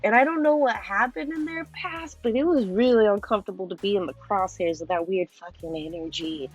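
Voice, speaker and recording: A young woman in her twenties, a podcast guest telling a story in a casual, animated way with frequent laughs. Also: medium pitch, brisk, breathy edge, highs cut off, faint music behind. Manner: animated, laughing often, swearing.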